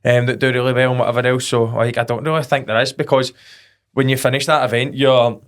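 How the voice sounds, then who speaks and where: Quick, enthusiastic Scottish man. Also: medium pitch, flat delivery. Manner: enthusiastic, uses local slang. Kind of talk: casual chat.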